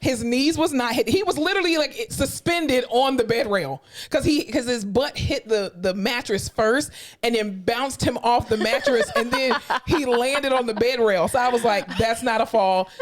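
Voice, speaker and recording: A woman's voice: a little high, lively intonation, moderate pace. Blunt, profane woman co-host. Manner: blunt, profane storyteller with laughing asides. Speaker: podcast co-host. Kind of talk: casual chat.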